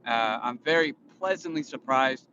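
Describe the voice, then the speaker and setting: A man in his thirties talks into his phone from inside a car, rambling through a casual vlog with constant fillers and restarts. His tone is indignant and lecturing, like he is explaining how things should be done. The sound is somewhat muffled, and clear road noise runs underneath. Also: medium pitch, normal speed. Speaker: vlogger and father. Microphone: phone filming himself. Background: vehicle noise.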